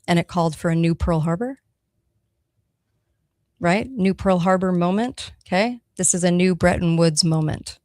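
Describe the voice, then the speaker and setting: Low-voiced woman hosting talk radio. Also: a little mellow, no echo, studio quality. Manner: emphatic, conversational, checks in with listeners. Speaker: radio talk show host. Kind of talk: solo talk radio monologue.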